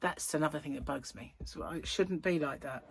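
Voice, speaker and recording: A middle-aged woman with a husky voice, hosting a rambling, casual chat and telling anecdotes with frequent laughs. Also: low voice, fairly quick. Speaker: host.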